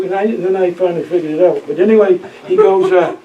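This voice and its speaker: A man's voice: sits high, expressive, fast, few pauses. An older man, telling rambling, folksy stories from his Coast Guard days in an oral history interview, laughing often. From Maine, USA. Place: library room. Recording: roomy, distant, dull, faint hiss.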